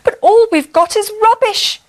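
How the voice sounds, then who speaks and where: A woman's voice: very high-pitched, measured pace, voice pushed up. A woman voicing a flustered, kind-hearted man inventor in a bedtime storybook reading, fretful and strained.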